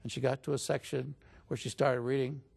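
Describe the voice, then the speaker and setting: A man as an interview guest, retelling a story in a conversational, animated way and jumping up in pitch when he quotes others. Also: a little fast, gravelly, slightly rough.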